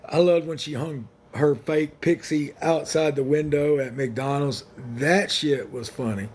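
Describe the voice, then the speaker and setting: A man's voice: a little high, fairly even intonation, measured pace, darkish tone, husky. Blunt, rambling man streaming live. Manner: blunt, rambling, laid-back and joking. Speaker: livestream host. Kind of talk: casual livestream chat with viewers.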